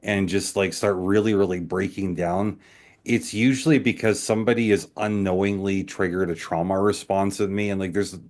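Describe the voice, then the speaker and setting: A man co-hosting a podcast, speaking in a reflective, measured way. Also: sits low, flat delivery, a little mellow. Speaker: podcast co-host. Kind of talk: casual podcast conversation.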